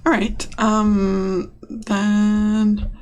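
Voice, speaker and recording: A game master narrating a tabletop role-playing game in a hesitant, relaxed way with frequent ums. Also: medium pitch, extremely slow. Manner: hesitant, lots of ums, laughs often.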